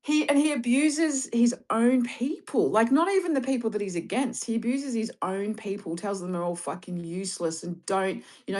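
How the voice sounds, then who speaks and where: A woman's voice: a little high, moderate pace, hardly any pauses, darkish tone. Indignant sweary woman. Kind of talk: casual political chat.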